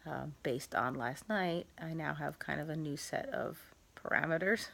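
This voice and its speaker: A woman recording a casual vlog from her bed at home after surgery, sore and tired, soft-spoken and halting with many pauses and small laughs. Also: deep voice, gravelly. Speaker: vlogger. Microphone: phone.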